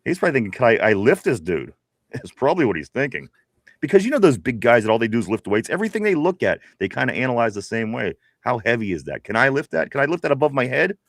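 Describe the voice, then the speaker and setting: A man's voice: medium pitch, big pitch swings, fast, no echo, studio quality. A man with a Pittsburgh accent hosting a casual live stream, reading viewer comments aloud with frequent laughs. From Pittsburgh area. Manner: laid-back, laughs often, reads chat messages aloud. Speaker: podcast host.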